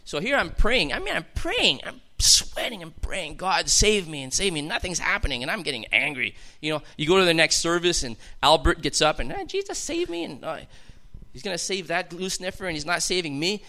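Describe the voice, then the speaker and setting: A man's voice: on the high side, lively intonation, brisk, pushed and bright. A man telling his personal testimony to a congregation in an emphatic, storytelling way that builds to fervent outbursts. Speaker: testimony speaker.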